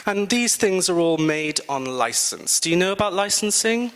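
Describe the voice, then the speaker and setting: A man's voice: high-pitched, normal speed, smooth. Chatty British man in a reverberant hall. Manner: chatty and animated, with self-mocking asides. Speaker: designer giving a guest talk. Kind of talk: casual presentation to students.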